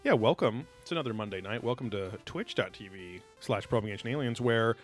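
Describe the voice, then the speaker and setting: A man's voice: a little fast, soft background music. A man co-hosting a casual livestream podcast, joking and laughing with his co-host. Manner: jokey, laughing, lively pitch.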